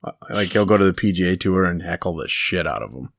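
A man's voice: low-pitched, animated, fast talker, gravelly. A man co-hosting a podcast in casual chat, rambling through stories and laughing at his own jokes. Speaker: podcast co-host.

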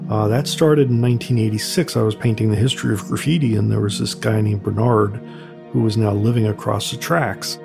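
An older man, a graffiti artist telling stories from his career in a relaxed, conversational way. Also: fairly quick, vocal fry. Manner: conversational, acts out quotes with raised pitch. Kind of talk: reflective storytelling. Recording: soft music underneath.

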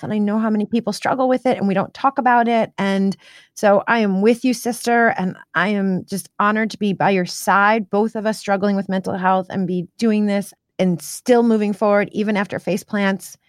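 A woman's voice: medium pitch, fairly even intonation, moderate pace, dry recording, studio quality. A woman hosting a podcast, responding with effusive affirmations and open questions. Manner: warm, effusive, affirming interviewer. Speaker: podcast host. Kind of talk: conversational interview.

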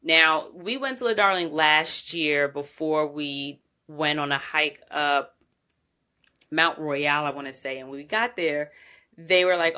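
Bright, slangy woman telling travel stories. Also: low voice, measured pace. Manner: candid, slangy, animated storytelling with profanity. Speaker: travel podcast host. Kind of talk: casual travel storytelling.

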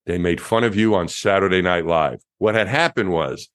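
A man in his fifties, a former astronaut, telling lively anecdotes as an interview guest, often restarting his sentences. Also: deep voice, normal speed, no room sound, clean studio sound. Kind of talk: storytelling interview.

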